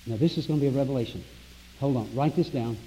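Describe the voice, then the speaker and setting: A man preaching a sermon as pastor, emphatic and rising to loud exclamations. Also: mid-range voice, fast, slight background noise. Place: church sanctuary. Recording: dull lo-fi recording with long hall reverb.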